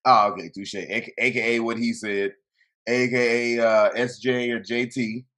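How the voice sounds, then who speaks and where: A young man hosting a casual podcast, talking quickly and loosely with swearing and restarts. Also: medium pitch, steady tone, fairly bright tone. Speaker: podcast host. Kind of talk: casual chat.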